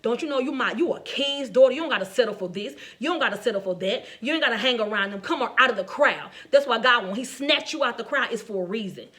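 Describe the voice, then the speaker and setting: A middle-aged woman with a fairly high voice races through a faith-based talk, barely pausing at all. She tells personal stories conversationally and with animation, often laughing and speaking straight to her listeners.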